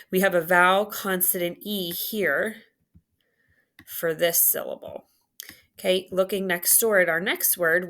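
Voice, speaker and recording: Slow patient woman teaching phonics. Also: fairly low pitch, fairly bright tone. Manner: slow, patient, drawn-out enunciation of sounds. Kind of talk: phonics lesson walkthrough.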